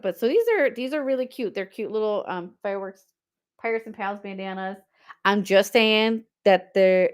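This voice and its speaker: A woman's voice: medium pitch, animated, normal speed. A woman in her forties talks in a loose, chatty way while hosting a live-stream sale. She tells stories, laughs often and answers comments from viewers as they come in. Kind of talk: casual live-stream chat.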